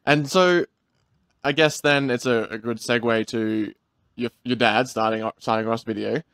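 A man's voice: medium pitch, steady tone, a little slow, vocal fry, fairly bright tone, no room sound. A man hosting a podcast interview, enthusiastic and chatty, laughing easily. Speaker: podcast host.

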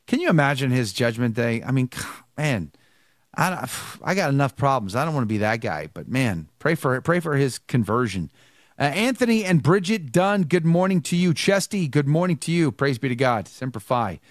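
Animated male livestream host. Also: mid-range voice, moderate pace, dry recording, studio quality. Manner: animated, greets viewers by name. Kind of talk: livestream greetings and chat.

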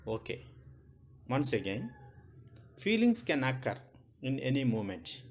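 A man's voice: mid-range voice, sing-song, measured pace, slight background noise. A male teacher with an Indian English accent, giving a lesson to young children, asking questions and repeating points.

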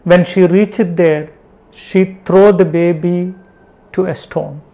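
A man's voice: high-pitched, dark tone. A male preacher delivers a sermon-style talk to his listeners. He speaks emphatically, firing off short rhetorical questions and repeating words for weight. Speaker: Christian preacher. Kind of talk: spoken sermon.

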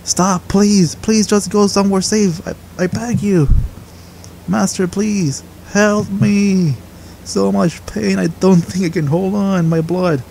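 A man's voice: a little high, fairly even intonation, a little slow, creaky, mellow, a little hiss or hum, pitched above the performer's own voice. A man voicing a young male disciple who is panicked and pleading, stammering and strained.

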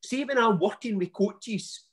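A husky, fairly high-voiced man with a West of Scotland accent, talking as a coach on a podcast. He speaks in an emphatic, blunt and animated way, full of local slang. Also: measured pace. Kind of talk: podcast interview, motivational talk.

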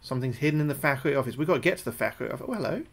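A British man streaming a game live, talking through each move, often repeating himself, thanking his viewers and getting jumpy and loud when spooked. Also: medium pitch, expressive, very fast, gravelly. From United Kingdom. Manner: chatty, repeats his own phrases, thanks viewers between moves. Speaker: gaming livestreamer. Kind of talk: live gameplay commentary.

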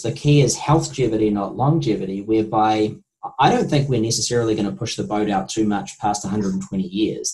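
A man, a nutrition researcher, answering interview questions in a thoughtful, measured way. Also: on the low side, a little mellow, rough recording. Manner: thoughtful, measured, hesitant starts. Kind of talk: casual interview chat.

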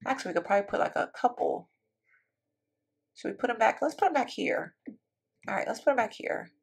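A woman's voice: fairly high pitch, lively intonation, a little fast, gravelly, slightly rough. A woman giving casual, chatty commentary while building in a life-sim game, thinking aloud and talking to her viewers. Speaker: Sims building YouTuber.

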